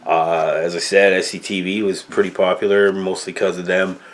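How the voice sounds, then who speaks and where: A man's voice: low voice, flat delivery, normal speed. A man in his fifties from Canada with a Canadian accent, rambling loosely through a casual movie talk, full of fillers and tag questions. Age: 50s. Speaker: movie reviewer.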